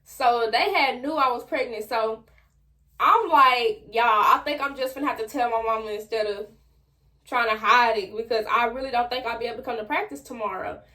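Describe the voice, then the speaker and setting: Animated, bright-voiced young woman vlogger. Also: a little high, moderate pace. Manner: animated, slangy, talks straight to viewers. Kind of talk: casual storytime monologue.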